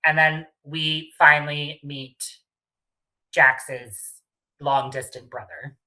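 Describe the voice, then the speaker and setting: A woman co-hosting a casual podcast, recapping a reality show bluntly, swearing freely and tossing in animated asides. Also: low-pitched, takes it slowly, low-quality recording. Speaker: podcast co-host.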